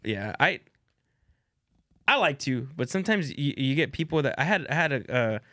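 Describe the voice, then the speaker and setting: A man hosting a casual podcast, an animated storyteller who swears often and keeps saying "dude.". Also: mid-range voice, moderate pace, no echo, clean studio sound. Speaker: podcast host.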